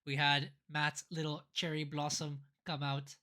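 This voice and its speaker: Bright-voiced casual wrestling podcast host. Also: medium pitch, level tone, unhurried. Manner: rambling, with many fillers and restarts. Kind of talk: casual wrestling recap chat.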